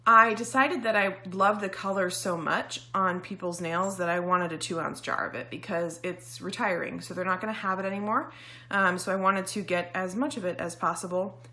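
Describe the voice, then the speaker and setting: A woman's voice: on the low side, normal speed, pushed and bright. A woman vlogger casually demonstrating beauty products, chatty and explanatory with frequent ums, sounding slightly out of breath.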